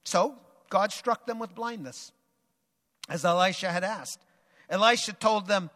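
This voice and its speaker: Bright-voiced preacher man in a reverberant hall. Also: high voice, normal speed. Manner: dramatic, varies loudness and pace freely. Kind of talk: sermon with dramatic Bible reading.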